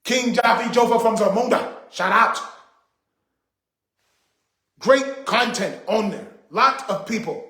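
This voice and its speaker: A man's voice: high voice, slow pace, long pauses, a bit bright. A middle-aged man ranting to camera in an indignant, preachy way, repeating his points for emphasis. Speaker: vlogger. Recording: echoey room.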